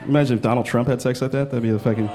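A man in his thirties performing a stand-up comedy set on a club stage into a handheld mic, animated and jumping into character voices. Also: very fast, background noise. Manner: animated, jumps into high-pitched character voices.

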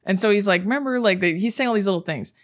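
A woman co-host in a loose, casual chat who tells stories with big animation. She swears freely and acts out the people in her story, from their lines to their yelps. Her pitch sits mid-range for a woman. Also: fast talker. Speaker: podcast co-host.

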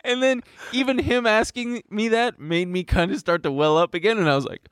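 A man's voice: high voice, fairly even intonation, a little slow, long pauses, fairly bright tone, clean tone, dry recording, studio quality. A young adult man on a podcast, telling a personal story in a rambling way, swearing and laughing as he goes. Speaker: podcast co-host. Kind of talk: casual storytelling chat.

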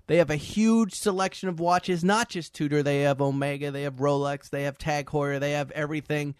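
A man hosting a podcast, chatting casually and reading sponsor ads with lively energy. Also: on the high side, fairly quick, few pauses, smooth, dry recording, clean studio sound. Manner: chatty, animated, laughs often. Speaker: podcast host. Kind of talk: casual chat with sponsor read. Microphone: video call.

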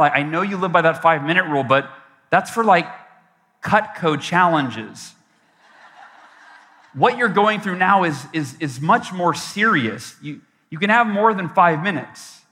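A man's voice: high voice, bright, forceful tone. A man giving a motivational keynote and telling a story, acting out his own past voice with big swings. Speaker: keynote speaker. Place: large event hall. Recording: long hall reverb from a live event.

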